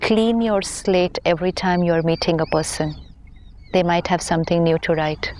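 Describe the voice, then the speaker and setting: A woman from India with an Indian English accent, explaining spiritual ideas in a patient, gently emphatic conversational way. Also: on the low side, moderate pace, slight background noise. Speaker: spiritual teacher.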